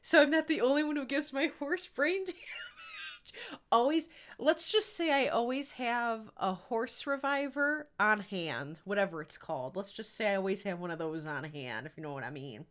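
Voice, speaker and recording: A woman's voice: a little high, animated, moderate pace, a bit bright. A woman streaming a video game, chatting casually and giggling as she rambles. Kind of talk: casual live-stream chat while gaming.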